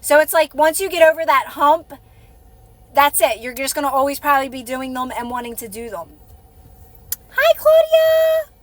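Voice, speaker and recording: A woman's voice: sits high, brisk, slight background noise. A woman hosting a live stream, chatting casually and encouragingly with her viewers, rambling and restarting her sentences.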